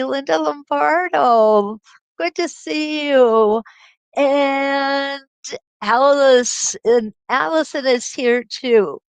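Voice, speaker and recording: A woman's voice: high-pitched, gravelly, no echo, low-quality recording. A middle-aged woman hosting a live quilting stream, chatting and laughing as she greets viewers by name over a webcam mic. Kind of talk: casual livestream chat greeting viewers. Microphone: computer webcam mic.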